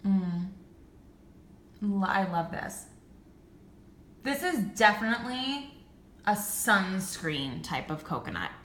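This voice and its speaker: A young woman chats through a candle haul in an excitable, gushing way, tossing in filler words as she goes. Her voice is bright and forward. The room around her rings with noticeable echo. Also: medium pitch, takes it slowly, long pauses, a little hiss or hum. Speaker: beauty and candle vlogger. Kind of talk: casual product review.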